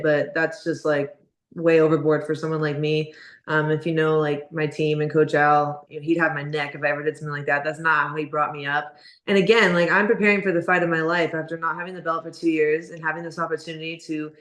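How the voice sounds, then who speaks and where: A woman's voice: sits low, a bit bright, roomy sound. A woman boxer being interviewed, talking candidly and bluntly with lots of "like" and "you know". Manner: candid and blunt, filler-heavy speech. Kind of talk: casual interview.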